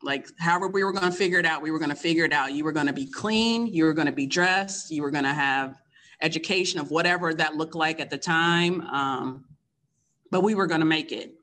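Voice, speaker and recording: Frank, bright-voiced woman in her fifties. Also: low voice, fairly quick, a little hiss or hum. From Kentucky. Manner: candid, laughing, frank and warm. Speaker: guest, the host's mother. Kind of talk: casual storytelling conversation.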